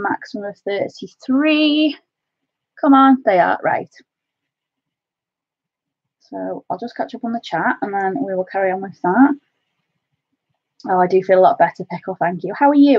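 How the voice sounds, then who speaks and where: A woman's voice: medium pitch, moderate pace, pauses often, dry recording, lo-fi sound. A woman from North Wales with a Welsh accent hosts a craft live stream, chatting casually and calling her viewers "my love".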